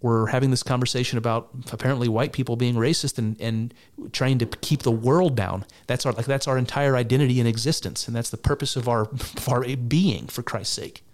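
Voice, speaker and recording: A man's voice: medium pitch, fairly even intonation, a little fast. A man giving sarcastic, exasperated and profane reaction commentary on a debate. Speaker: political commentator.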